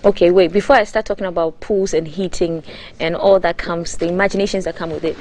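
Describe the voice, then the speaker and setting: A woman hosting a morning TV show, with a slightly low voice. She asks lively, prompting questions and repeats key words back to her guest. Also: fast talker. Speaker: breakfast show presenter. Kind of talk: live TV breakfast show interview. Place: TV studio.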